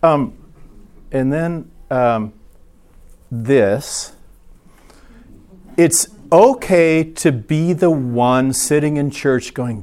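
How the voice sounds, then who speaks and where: Animated man telling faith stories. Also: on the high side, drawn-out words, long pauses, clear, resonant tone. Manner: animated storyteller, acts out voices. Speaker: guest. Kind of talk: casual faith conversation, storytelling.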